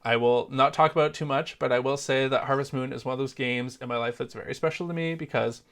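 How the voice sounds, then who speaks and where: A man's voice: medium pitch, steady tone, quick pace, a bit bright. A young adult man from Canada, chatting casually in a vlog with jokey, self-deprecating asides. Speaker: crochet vlogger.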